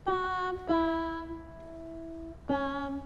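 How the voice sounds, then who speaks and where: Teasing high-voiced British young woman. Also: steady tone, very slow, highs cut off, faint music behind, exaggerated voice.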